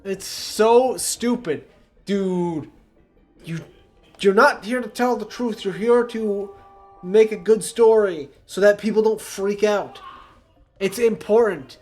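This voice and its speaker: High-voiced sarcastic male game streamer. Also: takes it slowly, a little mellow, faint music behind. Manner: sarcastic, profane, mocking. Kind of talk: live game commentary.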